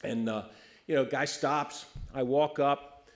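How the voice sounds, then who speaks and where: A man's voice: medium pitch, slow. A man, a police officer, telling a funny story at a roast. He often stammers and restarts, and he acts out the people he quotes.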